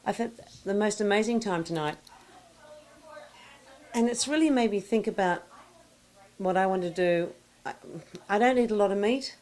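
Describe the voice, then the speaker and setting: An Australian woman talks with a guest's chatty, effusive flow, tossing in local slang. Her voice sits at an ordinary middle pitch, and she speaks at an easy, conversational pace. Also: normal speed, pauses often, darkish tone. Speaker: party guest being interviewed. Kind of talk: casual interview chat. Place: indoor evening party.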